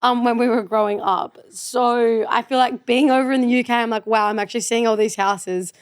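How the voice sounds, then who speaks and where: A woman's voice: on the high side, fairly even intonation, brisk, clean tone, no room sound, studio quality. An Australian woman in her twenties, a podcast guest chatting casually, giggly and rambling. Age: 20s. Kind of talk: casual chat.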